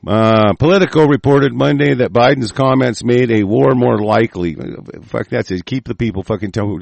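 Angry guy ranting on his show, raspy gravel in the voice, swears nonstop, keeps restarting. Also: mid-range voice, moderate pace, few pauses, a little mellow, dry recording. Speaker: talk show host. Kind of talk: profane political rant.

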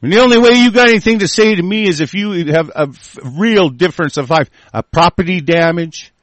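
Furious, profane man with a high voice. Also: fairly quick, no room sound. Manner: profane, combative, ranting. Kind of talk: angry monologue rant.

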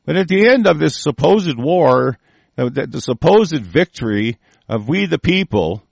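Gravelly man on an angry profane rant. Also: on the high side, big pitch swings, measured pace, a little mellow, dry recording. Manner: profane, heated, with frequent swearing and broken restarts; reads aloud passages and interrupts them with his own comments. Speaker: commentator. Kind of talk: angry ranting monologue.

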